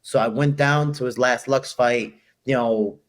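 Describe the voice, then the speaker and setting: A young man from Chicago, a fighter being interviewed, telling stories in an animated, quick, casual way and acting out what people said. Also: medium pitch. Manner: animated, quick, acts out quoted voices. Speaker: guest fighter.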